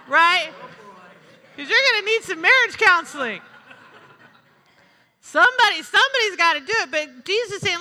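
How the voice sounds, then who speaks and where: A woman pastor giving a lively sermon, swinging between loud acted-out asides and soft, low emphasis. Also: in a large hall. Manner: lively preaching with acted-out asides, rising and dropping sharply.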